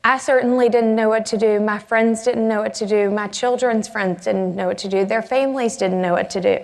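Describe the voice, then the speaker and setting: A middle-aged woman from the American South gives an earnest, measured conference talk. Her voice has a gravelly edge of vocal fry. It carries with the long reverb of a big hall. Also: medium pitch, fairly even intonation. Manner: earnest, measured, emotional retelling. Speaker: conference speaker. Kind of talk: personal storytelling talk. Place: conference stage in a large hall.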